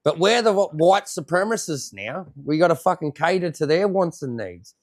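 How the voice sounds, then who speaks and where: A man's voice: on the high side, expressive, normal speed. A man with an Australian accent, a military veteran guest ranting angrily and swearing constantly. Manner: heated, swears constantly, repeats himself. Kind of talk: angry profane rant.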